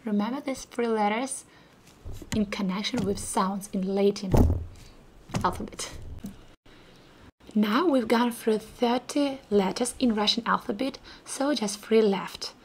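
A woman teaching a language lesson in a soft, unhurried voice, repeating sounds patiently and sometimes dropping into a whisper. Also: mid-range voice, a little hiss or hum. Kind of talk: softly spoken lesson.

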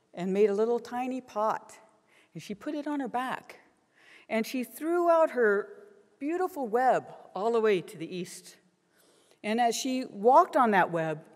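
A middle-aged woman giving a keynote address in a large conference hall, earnest and lively as she tells a story. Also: on the high side. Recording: long reverb of a conference hall.

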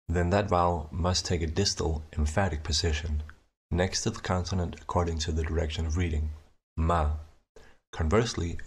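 A young man narrating a scripted explanation of his invented writing system, measured and methodical, slowing down to sound out each example. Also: low voice, slightly rough. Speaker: conlang creator presenting his language.

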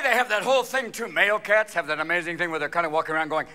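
A man performing live stand-up comedy on a theater stage, with a manic, rapid-fire delivery full of quick character voices and shouted punchlines. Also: high-pitched, steady tone, noisy background. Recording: live stage recording with loud audience. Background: audience laughter and hall ambience.

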